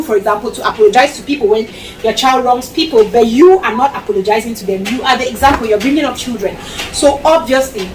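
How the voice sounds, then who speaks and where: Cameroonian mom vlogging, highish voice, repeats herself for emphasis, loud room noise behind. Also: female voice, echoey room. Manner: emphatic and repetitive, slips into Pidgin phrases. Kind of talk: casual advice talk to camera. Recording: distant mic with loud background ambience.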